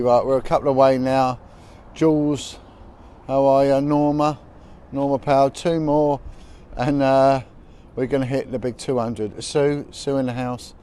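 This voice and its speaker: A man's voice: medium pitch, steady tone, a little slow, warm tone. A man chatting on a casual livestream from outdoors, greeting viewers by name as he films on his phone. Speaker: livestream host. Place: outdoors on a high spot above the city at sunset. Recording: outdoor phone audio with faint traffic noise.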